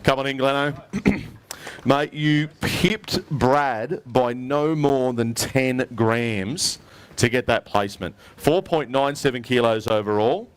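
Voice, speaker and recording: A man's voice: medium pitch, slow, clear, resonant tone. An Australian man emceeing a live prize presentation at an outdoor weigh-in, upbeat and matey as he calls up each winner. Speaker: tournament emcee.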